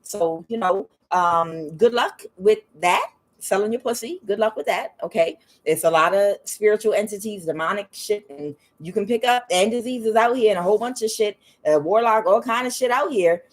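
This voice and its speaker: A woman reading tarot in a casual spiritual chat, frank and profane, mimicking other people in a higher voice. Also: normal speed. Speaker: tarot reader.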